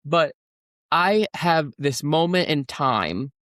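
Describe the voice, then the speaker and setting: A man's voice: fairly high pitch, expressive, takes it slowly, a bit bright, dry recording, clean studio sound. A man, a pastor, telling a personal story on a podcast in an earnest, rambling way with many fillers. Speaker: pastor and guest.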